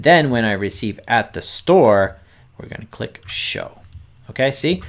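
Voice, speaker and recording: Rich: A man hosting a kids' coding stream who talks at an unhurried, deliberate pace. He explains each step patiently, checks in with the viewers, and keeps a mid-range voice for the whole lesson. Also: mid-range voice, lively intonation, creaky.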